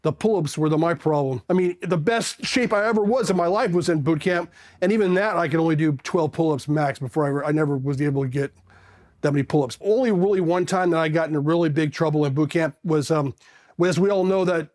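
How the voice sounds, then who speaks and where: A middle-aged Marine Corps veteran from California, casually telling stories and animatedly acting out the voices of the people in them. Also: male voice, a little high, brisk. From South Pasadena, California. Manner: animated, acts out voices in his anecdotes and laughs often. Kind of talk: casual storytelling.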